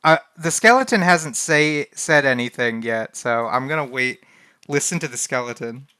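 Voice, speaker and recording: A man's voice: medium pitch, lively intonation, moderate pace, sharp tone, smooth, no room sound. A young man streaming a text adventure game, reading the game text aloud in a casual, flustered way and often laughing. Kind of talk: casual live-stream commentary.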